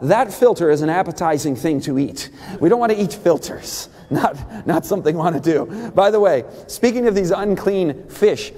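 A man giving an animated sermon-style talk on the Bible and diet, with quick asides and restarts. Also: high-pitched. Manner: animated, rising sharply when excited, with quick asides and restarts. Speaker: preacher. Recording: long hall reverb.

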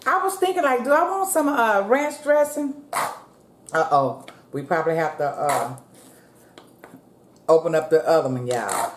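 A woman hosting a casual eating show from her home, chatting to viewers in a relaxed way and calling them "y'all". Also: low voice, measured pace, long pauses, slight background noise. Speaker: mukbang vlogger. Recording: roomy echo.

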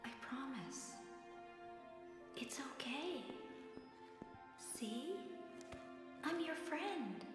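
An actress voicing a gentle, kind young woman in a video game, speaking in a soothing, reassuring way. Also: sits high, lively intonation, extremely slow, pauses often, exaggerated voice. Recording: echoey game audio over music.

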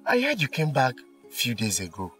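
A man's voice: mid-range voice, huge pitch swings, fairly quick, fairly bright tone. A young Nigerian man acting in a film drama as an earnest village son who pleads and repeats himself. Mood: eager. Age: young adult. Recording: distant mic with faint music.

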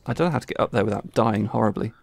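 A man's voice: on the low side, rapid-fire, creaky. A young man co-hosting a gaming video, talking through his build with dry, wry remarks. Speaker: gaming channel co-host. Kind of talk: casual gameplay chat.

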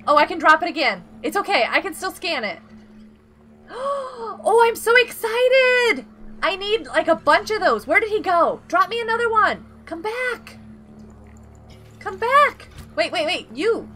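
A young woman streaming a video game, chatting casually and getting excitable, with frequent gasps and giggles. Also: very high-pitched, normal speed. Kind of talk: casual live gameplay chat.

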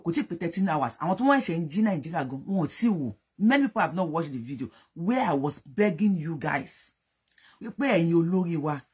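A deeply raspy, husky voice with a Yoruba accent, delivering impassioned political commentary. The speaker is fervent and accusing, repeats lines for emphasis, and slips back and forth between English and Yoruba. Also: a little mellow. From Nigeria.

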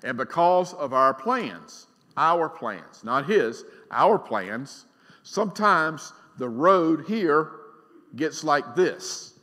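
A middle-aged man preaching a sermon as pastor. He is emphatic, swings between loud and quiet, and keeps asking the congregation questions. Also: on the high side, very animated, drawn-out words. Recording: long reverb of a large church hall.

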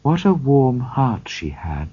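Brief: quiet, knowing spirit, slow and measured, husky, read by a man; dull recording. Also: medium pitch, very animated, full character voice. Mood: gentle. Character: calm, knowing male ghost spirit.

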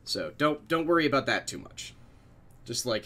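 A man's voice: on the high side, sing-song, brisk. Rambling, swearing game streamer guy. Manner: rambling, self-deprecating, swears freely. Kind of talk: casual chat while livestreaming a game.

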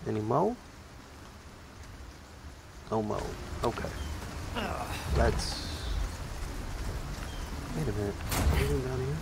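A man's voice: mid-range voice, slow pace, creaky, pauses often, heavy background noise. A man whose first language is Spanish, joking and swearing through a casual let's-play of a horror game. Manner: joking, profane, talks to the game characters. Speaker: gamer playing a horror game.

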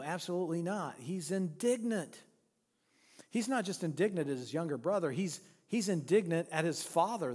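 A man's voice: a little high, big-room sound. A pastor preaching a sermon in a church. He retells a parable, poses rhetorical questions and often restarts his sentences. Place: church sanctuary.

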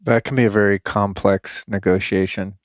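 A man's voice: on the low side, steady tone, normal speed, no echo, clean studio sound. A man hosting a podcast, asking questions and thinking aloud in a reflective, casual way. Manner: reflective, thinks aloud with many "you know"s. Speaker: podcast host.

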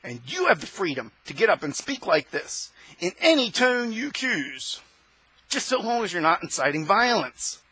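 A male host delivering an impassioned opinion monologue, preaching and rising to shouts. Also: sits high, sing-song, moderate pace, husky, dry recording, poor audio.

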